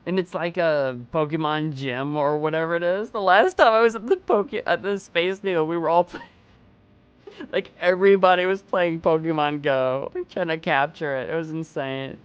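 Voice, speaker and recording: A man streaming a game, chatting excitably and breaking into loud, incredulous exclamations. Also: on the high side, normal speed, smooth, muffled recording. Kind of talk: let's play commentary.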